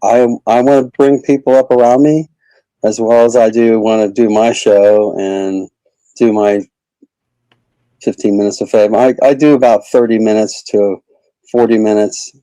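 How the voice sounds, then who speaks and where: A man's voice: fairly low pitch, steady tone, moderate pace, mellow, clean tone, no echo, poor audio. A man who is a comedian, rambling casually as a guest in an interview. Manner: rambling, chatty, lots of fillers.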